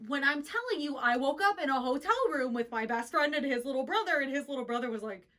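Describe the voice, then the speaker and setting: A woman's voice: high voice, fast, fairly bright tone, far from the mic. Blunt, swearing woman podcast co-host. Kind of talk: casual chat.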